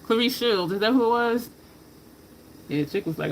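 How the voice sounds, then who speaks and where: A woman's voice: a little high, expressive, moderate pace, a little hiss or hum, low-quality recording. A woman chatting casually while she does her makeup, rambling from story to story, laughing and cursing freely. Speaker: makeup vlogger.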